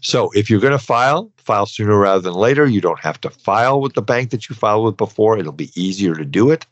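A man's voice: fairly low pitch, expressive, fast, no room sound. A man hosting a podcast, explaining rules in a conversational way with frequent asides and restarts. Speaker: podcast host advising dentists on taxes. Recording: dry, slightly dull podcast audio.

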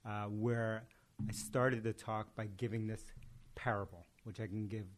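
A man's voice: fairly low pitch, level tone, unhurried. A man in casual conversation, telling a story and acting out its dialogue. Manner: tells parables with acted-out dialogue.

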